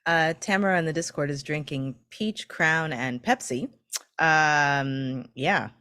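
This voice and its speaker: A woman co-hosting a casual livestream, chatty and quick to laugh. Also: low voice, bright, forceful tone. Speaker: co-host.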